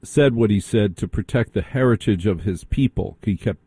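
Husky dark-voiced man, wry radio host. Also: on the low side, moderate pace, dry recording. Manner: wry, teasing. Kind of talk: casual radio conversation.

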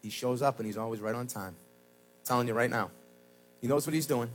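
A man preaching a sermon as pastor, swinging between loud shouted points and low, quiet asides. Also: fairly quick, slight background noise, poor audio.

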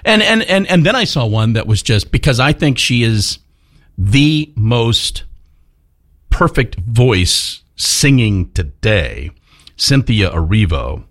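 A man's voice: mid-range voice, very animated, takes it slowly, a bit bright. A man hosting a morning news talk radio show, chatting casually with many fillers and restarts.

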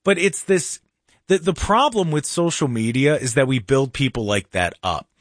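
A man hosting a casual political talk radio show in a studio, animated and mocking, with jokey asides. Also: mid-range voice, moderate pace, dry recording.

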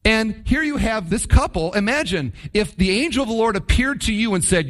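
A man preaching in a voice pitched a little high for a man. He drives his points home with repetition and rhetorical questions, and he is earnest and emphatic. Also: lively intonation, a little fast, few pauses. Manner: emphatic, repeats key phrases, rhetorical questions. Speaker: pastor. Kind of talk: sermon.

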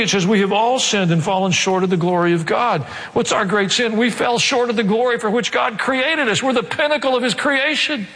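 An older male pastor delivers a sermon in a husky, rather high voice. He preaches earnestly and keeps turning to the congregation with rhetorical questions. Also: fairly bright tone.

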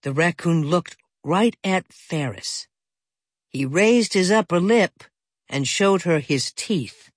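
Slow, breathy storybook narrator. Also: medium pitch, no echo, studio quality. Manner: gentle, expressive reading. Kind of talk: audiobook narration.

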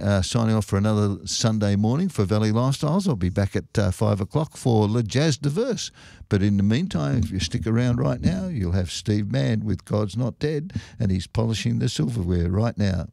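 A man hosting a Sunday morning community radio show, chatting with a guest and signing off in a relaxed way. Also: on the low side, moderate pace, gravelly, dry recording, clean studio sound. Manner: relaxed, friendly sign-off chat. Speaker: radio host.

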